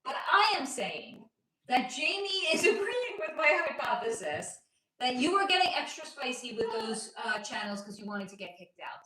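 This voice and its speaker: Broadcasting a casual livestream from home with her child nearby, this woman, a spiritual reader, answers viewer comments while teasing them and laughing often. Her high-pitched, sing-song voice moves at normal speed with a bright, forceful tone. The rough recording has an echoey room sound.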